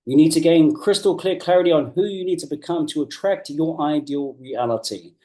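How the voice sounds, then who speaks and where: A man giving a motivational coaching talk, earnest and emphatic, repeating key phrases and slowing down to drive points home. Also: a little high, warm tone. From New Zealand. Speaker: business coach.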